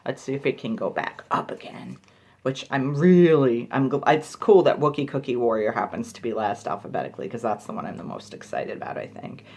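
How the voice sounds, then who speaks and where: Brisk and animated, a woman with a dark-toned bass voice reviews lip balms in a casual vlog. She thinks out loud, chats to the camera and teases herself along the way.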